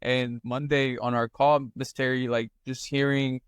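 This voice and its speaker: A man speaking earnestly on a casual group call, halting with many fillers. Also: mid-range voice, level tone, clear, resonant tone, dry recording. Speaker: mastermind group member.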